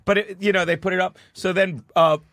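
A man's voice: high-pitched, fairly even intonation, a little fast, a bit bright, dry recording, clean studio sound. A man talking as the guest comedian in a casual podcast chat, blunt, lecturing and profane.

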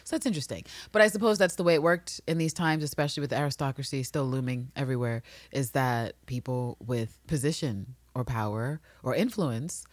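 A woman's voice: a bass voice, no room sound. A woman from New York co-hosting a podcast, swearing freely and slipping into voices as she recaps a TV series. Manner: profane, animated storytelling, quick to put on voices. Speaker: podcast co-host. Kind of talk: casual chat recapping a TV series.

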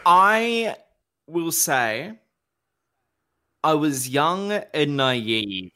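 A man's voice: mid-range voice, expressive, a bit bright. A man co-hosting a podcast in casual chat, drawing out his words and laughing along. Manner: slow, drawn-out delivery with laughs. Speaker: podcast co-host.

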